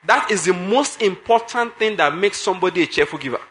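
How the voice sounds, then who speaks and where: Guy preaching, high bright voice, keeps repeating himself and quizzing the crowd. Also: lively intonation, brisk. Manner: emphatic, repeats phrases, asks the congregation questions. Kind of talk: sermon.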